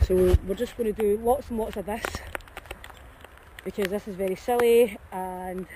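A woman's voice: medium pitch, steady tone, moderate pace, dark tone, slight background noise, poor audio. A woman, chatting to the camera on a cold, rainy dog walk, run down and self-mocking, laughing often. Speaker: dog walker vlogger. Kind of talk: casual outdoor vlog chat. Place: open field outdoors in cold rain.

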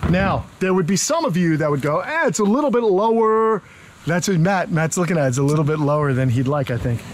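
A brash, wisecracking man with a thick Long Island New York accent talks a viewer through an outdoor build. His voice sits on the high side for a man, and there is loud, steady noise behind him. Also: fast talker. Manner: brash, joking, street-talking. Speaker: reptile channel host. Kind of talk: casual building vlog. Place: backyard, outdoors.

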